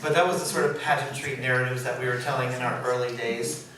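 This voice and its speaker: A man who works as a puppeteer, giving an informal, animated storytelling talk and laughing often as he acts out quotes. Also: medium pitch, quick pace. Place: presentation room. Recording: echoey room, mic far, background noise.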